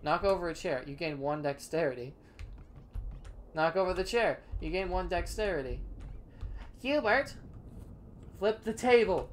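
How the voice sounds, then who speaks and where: A woman's voice: low-pitched, normal speed, a little hiss or hum. A woman playfully reading out a text adventure game and typing commands, laughing often. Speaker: game streamer. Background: keyboard typing.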